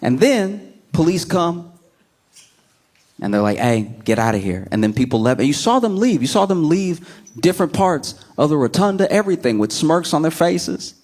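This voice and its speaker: A man performing a stand-up comedy set, telling stories animatedly and slipping into quick voices. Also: a little high, very animated, darkish tone.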